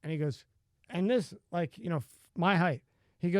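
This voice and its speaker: A man's voice: sits high, normal speed, no room sound, clean studio sound. Blunt, profane man hosting a podcast. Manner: blunt, profane, laughs easily. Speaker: podcast host. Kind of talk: casual podcast conversation.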